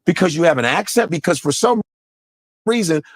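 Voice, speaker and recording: A man telling stories in a casual chat, animated and profane, laughing often and slipping into mock voices. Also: a little high, normal speed. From United States.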